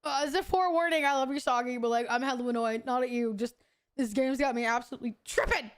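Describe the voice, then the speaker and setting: High-voiced woman streamer, exasperated. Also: fast talker, clear, resonant tone. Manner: profane, exasperated, laughs often, greets chat affectionately. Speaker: VTuber streamer. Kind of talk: casual gaming stream chat.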